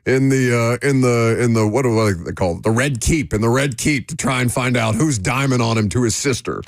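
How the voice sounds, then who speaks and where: A man co-hosting a sports radio show, joking and bantering in quick, lively reactions. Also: mid-range voice, gravelly, no echo, studio quality.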